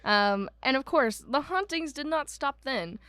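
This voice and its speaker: A woman's voice: high voice, lively intonation, measured pace, sharp tone, no room sound. A woman co-hosting a podcast, casually telling a haunted house history with lots of "um"s and self-corrections, with an Ohio accent. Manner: rambling, filler-heavy, self-correcting. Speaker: podcast co-host. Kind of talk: casual storytelling chat.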